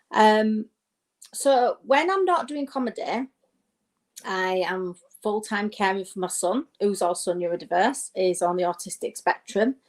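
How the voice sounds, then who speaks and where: A middle-aged woman performing a rambling, self-mocking stand-up set from home into a laptop mic. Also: medium pitch. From United Kingdom. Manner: chatty, rambling, self-mocking with frequent asides. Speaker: stand-up comedian. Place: home during lockdown. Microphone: webcam or laptop mic.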